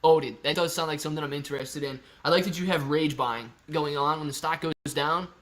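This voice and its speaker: A man's voice: fairly high pitch, fairly even intonation, a little fast, a bit bright. A young man hosting a casual live stream, joking around and reading viewer chat aloud. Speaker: livestream host.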